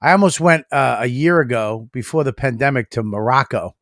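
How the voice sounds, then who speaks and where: A man's voice: medium pitch, expressive, a little fast, a bit bright, dry recording, studio quality. A man co-hosting a podcast in casual chat, talking bluntly and joking with lots of swearing. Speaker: podcast co-host.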